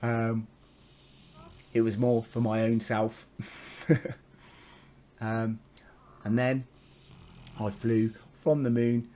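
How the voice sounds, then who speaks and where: A man's voice: mid-range voice, little pitch movement, extremely slow, long pauses, dark tone. A man telling a spiritual story in a casual, meandering monologue, swearing freely and chuckling often.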